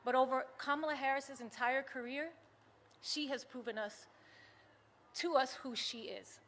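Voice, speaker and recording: A woman from the United States giving an impassioned political rally speech at a large venue, shifting from soft and earnest to shouting to the crowd. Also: high-pitched, steady tone, a little slow. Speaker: rally speaker. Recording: loud crowd noise from a live rally. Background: cheering crowd.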